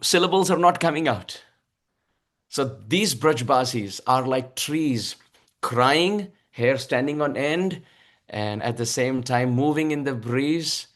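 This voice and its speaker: A man giving a devotional scripture discourse, expressive and drawn out, with frequent soft laughs. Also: mid-range voice. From India. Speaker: spiritual speaker.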